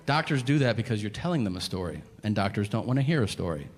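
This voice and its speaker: A man's voice: on the low side, animated, fast, hardly any pauses. A man performing stand-up comedy, telling stories animatedly and acting out the other people in them. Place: comedy club stage. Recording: echoey venue with loud room noise.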